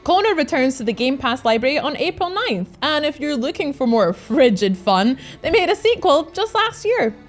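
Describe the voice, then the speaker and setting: A woman presents game news from a script, her voice high and swinging widely in pitch. She sounds upbeat and lively, laughing easily between lines. Faint music plays beneath her. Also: moderate pace, hardly any pauses. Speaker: co-host of a gaming news show.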